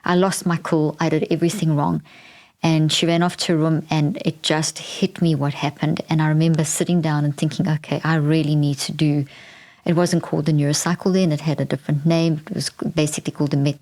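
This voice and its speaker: Low-voiced woman telling a candid story. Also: level tone, fairly quick, a little mellow. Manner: reflective, candid, with frequent restarts. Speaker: podcast host. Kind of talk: personal storytelling.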